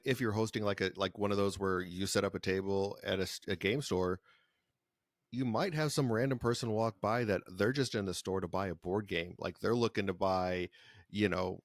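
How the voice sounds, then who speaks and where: Speaking in a lowish voice, this podcast co-host keeps things loose, rambling and starting over again and again. There's no echo, and the sound is studio grade.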